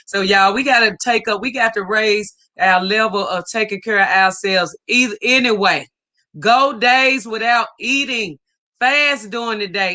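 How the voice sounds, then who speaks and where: A middle-aged man hosts a casual livestream, reading viewer comments aloud. His voice sits high and sounds strikingly bright. He talks in an emphatic, preachy way, pressing advice on his audience.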